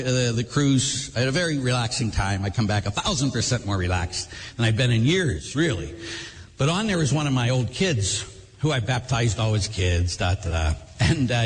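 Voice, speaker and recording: A middle-aged man, a Catholic parish priest, preaching a sermon and telling stories, acting out both sides of each conversation. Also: medium pitch. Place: church. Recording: long church reverb.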